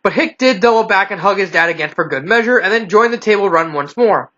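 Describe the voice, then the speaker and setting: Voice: mid-range voice, lively intonation, quick pace, fairly bright tone. A fan reader reading a story aloud in a casual way, often stumbling and correcting themselves, over a dull lo-fi recording.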